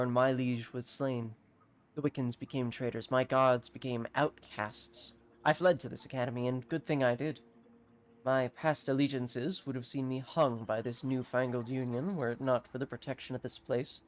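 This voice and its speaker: A streamer reading aloud the lines of a solemn exiled male court alchemist from a video game, in a measured and formal way. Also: medium pitch, steady tone, close to an everyday voice.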